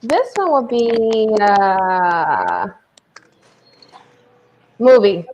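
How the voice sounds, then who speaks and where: A woman's voice: mid-range voice, big pitch swings, drawn-out words, darkish tone, lo-fi sound. A woman co-hosting a livestream over a video call, giving brief replies and laughing easily. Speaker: co-host running the game. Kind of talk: casual livestream chat.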